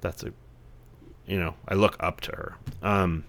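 Male podcast guest, 40s, lowish pitch, casual, reflective, fills every pause. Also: steady tone, a bit bright. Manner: reflective, rambling, heavy on "you know" fillers. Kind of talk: casual conversation.

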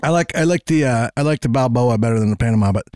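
A man's voice: medium pitch, rapid-fire, a little mellow, no room sound. A man rambling through a story, dry sound. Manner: rambling, stop-start storytelling with many restarts. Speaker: podcast co-host. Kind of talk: casual storytelling chat.

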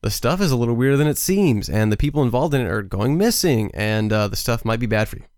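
A man's voice: mid-range voice, animated, fast, a little mellow, clean tone, no room sound, studio quality. A man co-hosting a casual film podcast, recapping the plot with enthusiastic, profane asides. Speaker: podcast co-host. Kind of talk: casual film review chat.

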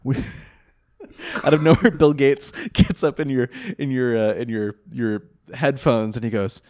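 A man's voice: mid-range voice, fairly even intonation, a little slow, a little mellow. A man co-hosting a podcast, chatting casually and rambling through a cartoon recap, laughing often and swearing freely. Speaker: podcast co-host.

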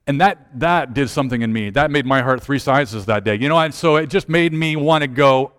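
Man pastor, lively storyteller, slightly high voice, long hall reverb. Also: fairly quick, few pauses, smooth. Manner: animated storyteller acting out quoted voices. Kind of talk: storytelling sermon.

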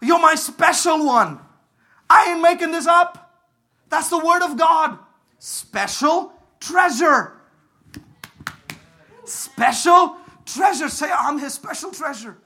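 Male pastor, very high voice with a bright edge; fervent sermon delivery that swells to shouts and leads call-and-response. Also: slow, pauses often. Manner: fervent, rises to shouts and calls for congregation responses.

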